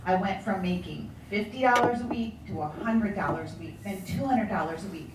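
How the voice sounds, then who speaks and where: A woman sales director telling her story in a motivational speech, animated and acting out the voices of people she quotes. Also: medium pitch, moderate pace, noisy background. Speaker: sales director giving a talk. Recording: echoey room from far off.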